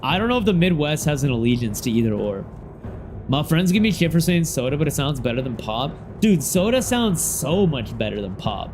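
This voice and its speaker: A young man from Ohio chatting casually on a game stream, loose and slangy, now and then breaking into sudden excited shouts. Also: a little high, normal speed, slight background noise.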